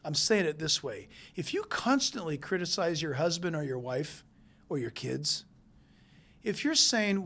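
A preacher delivering a sermon, moving between hushed, intense stretches and loud, emphatic ones. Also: medium pitch, big pitch swings, unhurried.

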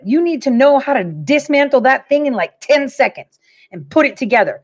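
A middle-aged woman talking straight to her audience in a casual opinion monologue, retelling conversations in lively back-and-forth and driving her points home by repeating phrases. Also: sits high, normal speed. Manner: animated storytelling, acting out both sides of conversations; emphatic, repeats phrases for effect. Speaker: commentator.

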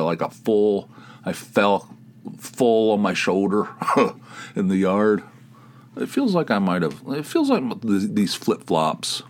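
Male podcast host, lowish voice, casual rambling storyteller, lots of false starts. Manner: rambling, with many restarts and chuckles.

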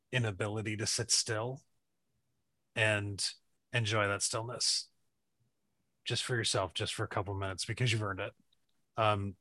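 Man, lowish pitch, crisp bright tone, sincere halting tribute. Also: no echo. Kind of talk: heartfelt birthday message.

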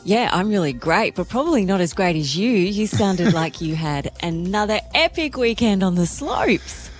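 A woman's voice: medium pitch, animated, moderate pace, soft background music. An Australian woman co-hosting a news podcast, friendly and bantering. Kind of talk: casual news podcast chat.

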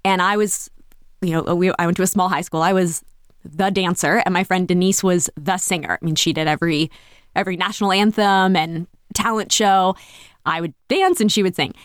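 A woman guest telling stories in a conversational way. She is animated and often restarts her sentences. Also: moderate pace, clean tone, no echo, clean studio sound. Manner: animated, lifts her pitch for quoted voices; self-correcting, with frequent restarts. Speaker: podcast guest, business coach. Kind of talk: conversational storytelling.

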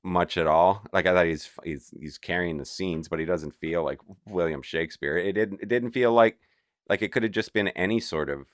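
A man's voice: deep voice, normal speed, dry recording, studio quality. A man co-hosting a TV recap podcast, opinionated and full of restarts. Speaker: podcast co-host. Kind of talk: casual TV recap chat.

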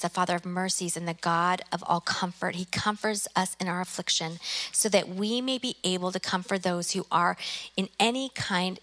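A woman's voice: on the low side, a bit bright. A middle-aged woman pastor preaching a sermon, emphatic and exhorting, often repeating phrases for effect.

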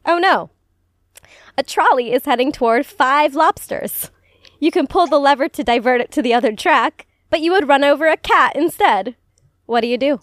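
A young woman co-hosting a casual chat podcast, playful and quick to joke, laughing often. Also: high-pitched, fairly bright tone, no echo, clean studio sound. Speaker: podcast co-host.

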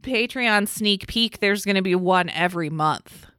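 A woman's voice: medium pitch, unhurried, fairly bright tone, clean tone, no room sound. A woman guesting on a podcast, chatting playfully and laughing often. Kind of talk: casual chat.

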